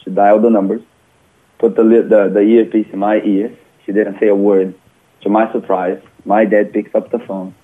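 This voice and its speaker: Man, earnest testimony, lowish pitch, tinny phone line. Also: moderate pace. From Brazil. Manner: earnest, animated retelling with small grammar slips. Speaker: interview guest. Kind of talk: personal testimony storytelling.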